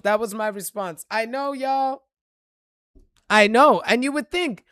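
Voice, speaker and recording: A woman's voice: high voice, expressive, a little slow, a bit bright, dry recording, studio quality. A woman vlogger telling a story in a blunt, profane, preachy rant. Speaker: spiritual reader and vlogger.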